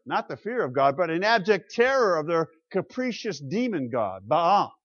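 A man giving a classroom lecture on the Psalms, emphatic and animated, with rhetorical questions and chuckles. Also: a little high, normal speed, hardly any pauses, muffled recording. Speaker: Bible lecturer.

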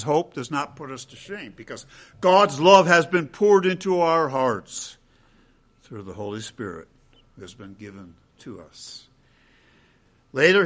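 A man with a mid-range voice preaches an expository sermon, slow and emphatic, rising to loud stresses and dropping to quiet endings.

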